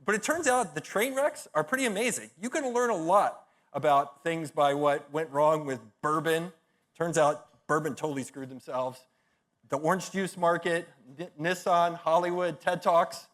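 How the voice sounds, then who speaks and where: A middle-aged conference speaker tells stories in a punchy, blunt way, full of profane, self-mocking humor. His voice is a little high and fairly bright.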